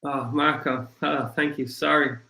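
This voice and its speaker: A man with an Irish accent hosting a casual livestream, rambling and apologetic, his voice getting rough after hours of talking. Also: on the high side, steady tone, a little slow, pushed and bright, roomy sound, low-quality recording. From Ireland. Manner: rambling, apologetic, thinks aloud with many fillers. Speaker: crypto livestream host. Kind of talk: casual livestream chat, reading viewer comments.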